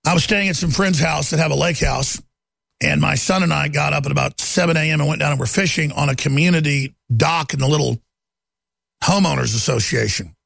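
A man's voice: a little high, a little fast, vocal fry, a bit bright, no echo. A man hosting a talk show, delivering a heated political monologue in a contemptuous, ranting way with stammered repeats.

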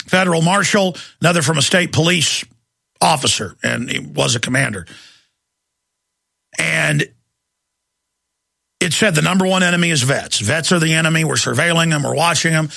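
Intense gravelly man, talk radio host. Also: a little high, normal speed, pauses often, sharp tone, no echo, clean studio sound. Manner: intense, emphatic, repetitive.

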